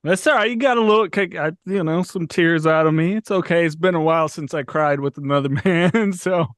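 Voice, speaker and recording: A man hosting a recovery podcast answers his guest with short, supportive remarks. His voice sits a little higher than average. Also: fairly quick, no room sound, studio quality. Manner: warm, brief supportive interjections. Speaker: podcast host, recovery coach. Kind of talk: casual interview reactions.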